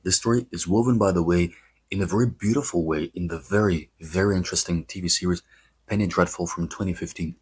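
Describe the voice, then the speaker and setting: This podcast host is a man with a Greek accent and a low, husky voice. He tells stories in a chatty, meandering way, tossing in playful jokes as part of a casual podcast.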